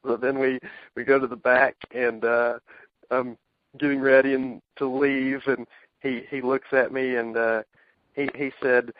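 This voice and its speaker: A man, a ring announcer, guesting on a radio talk show, telling anecdotes in a halting way with many restarts. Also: medium pitch, little pitch movement, no echo, lo-fi sound. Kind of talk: casual radio interview, storytelling.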